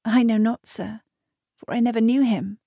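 Storybook figure: woman reads as a tired, courteous little dwarf boy, raised and mellow voice, dry sound. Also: on the high side, fairly even intonation, normal speed, no echo, voice pushed up. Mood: sad, weary. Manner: weary, sad and courteous. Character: sick weary young dwarf boy, polite.

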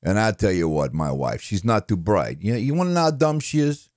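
Man playing a jittery New York comic, punchy one-liners, low voice jumping high. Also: very animated, fairly quick, a little mellow, no room sound, studio quality. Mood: exasperated. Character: nervous, put-upon middle-aged male stand-up comic. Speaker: impressionist. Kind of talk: stand-up comedy impression.

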